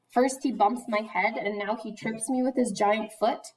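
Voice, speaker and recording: A woman's voice: on the high side, normal speed, few pauses, slightly rough, low-quality recording. A woman reading a children's novel aloud, telling it expressively and sometimes dropping to a whisper. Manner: expressive storytelling, drops to a whisper at times. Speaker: reader.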